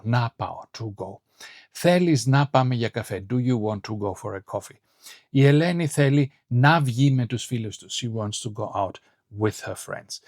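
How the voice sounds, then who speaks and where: A man teaching a beginner Greek lesson online, saying model phrases clearly and slowly and setting short quizzes. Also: mid-range voice, a little mellow, no echo, studio quality. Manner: clear, slow model phrases with quiz prompts.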